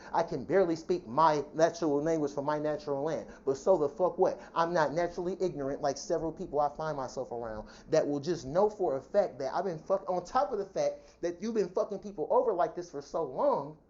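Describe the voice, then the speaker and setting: A woman venting in a heated, profane personal rant, talking fast and indignantly about how she has been treated. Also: low voice, dark tone. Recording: dull lo-fi sound.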